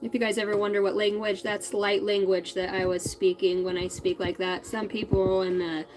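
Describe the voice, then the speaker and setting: A woman's voice: mid-range voice, flat delivery, normal speed, a little mellow, low-quality recording. A woman in her thirties hosting a tarot reading livestream, chatting casually and bluntly with viewers and swearing freely. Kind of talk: casual live-stream chat.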